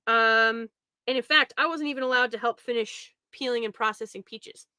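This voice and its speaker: A woman's voice: a little high, normal speed, pushed and bright, clean tone, no echo, clean studio sound. A young woman telling a family story in a casual, rambling way, often laughing as she talks. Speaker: podcast host.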